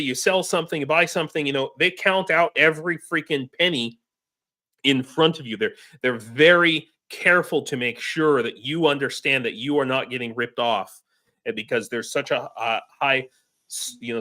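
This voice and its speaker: An American man with a fairly high, sharp-toned voice speaks at a normal pace as a regular on a casual online roundtable. He rambles, restarting often and using many fillers.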